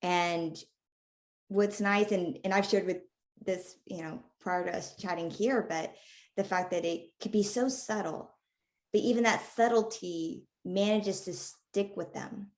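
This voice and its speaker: A woman's voice: mid-range voice, steady tone, measured pace. A woman hosting a podcast interview, chatting casually and affirming her guest often. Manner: warmly affirming, frequent yeahs and rights. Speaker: podcast host.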